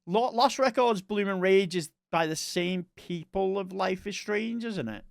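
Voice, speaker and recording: Young East Scottish male streamer, rambling casual chat, smooth resonant voice. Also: high-pitched, measured pace, no echo, clean studio sound. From Scotland. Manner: chatty and rambling, talks to chat viewers.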